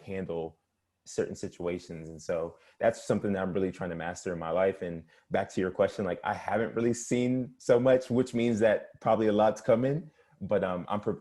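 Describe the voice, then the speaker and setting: Deep-voiced man, calm and reflective. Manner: reflective, measured, slows to stress points. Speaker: panel guest. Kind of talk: casual panel chat. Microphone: video call.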